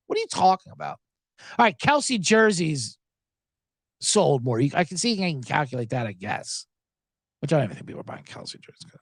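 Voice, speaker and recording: A man's voice: fairly high pitch, big pitch swings, fairly quick, vocal fry, no room sound. Sarcastic, profane sports podcast host, man. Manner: profane, sarcastic, shouting mock voices.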